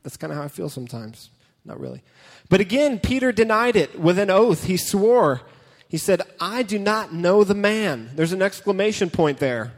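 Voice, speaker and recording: Youth preacher man, fairly high voice, playful and dramatic, reverberant hall sound. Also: expressive, normal speed. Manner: joking, dramatic storytelling, reads scripture aloud. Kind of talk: casual sermon with Bible reading.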